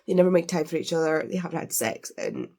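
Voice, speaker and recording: A woman's voice: low voice, huge pitch swings, fast talker, warm tone. A woman chatting casually while unboxing books, gushing, with lots of fillers. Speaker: book vlogger.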